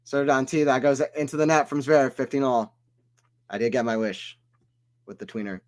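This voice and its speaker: A man's voice: mid-range voice, fairly even intonation, moderate pace. A man from the American South with an American accent, giving casual play-by-play commentary on a live stream and chatting with viewers. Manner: chatty, reads chat aloud and drifts off topic.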